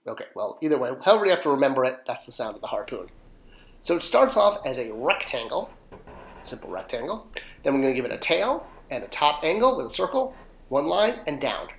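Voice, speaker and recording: A man's voice: medium pitch, big pitch swings, brisk, creaky. A man hosting an online drawing lesson, talking through each stroke with playful, self-mocking jokes. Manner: playful, self-mocking asides while sketching step by step. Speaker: drawing teacher.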